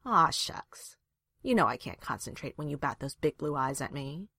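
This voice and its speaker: A woman's voice: sits low, sing-song, normal speed, gravelly, bright, forceful tone, breathy edge, no room sound, studio quality, full character voice. Woman voicing a wry, teasing male dwarf.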